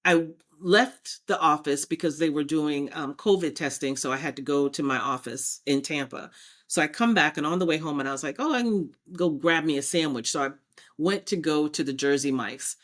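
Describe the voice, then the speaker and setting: A woman with a low-sitting voice talks at a normal speed as a podcast guest sharing her personal story. She's animated, acting out past conversations in quotes as she goes.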